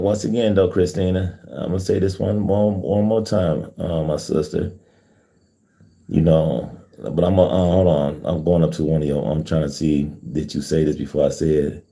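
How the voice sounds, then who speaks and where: Middle-aged male livestream host, casual and encouraging, low mellow voice. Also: gravelly. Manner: reads viewer comments aloud, encouraging, repeats names. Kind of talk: casual faith livestream chat.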